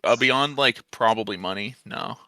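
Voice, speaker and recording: A man's voice: on the low side, normal speed, sharp tone. A man running a tabletop game as game master, describing scenes casually with lots of fillers.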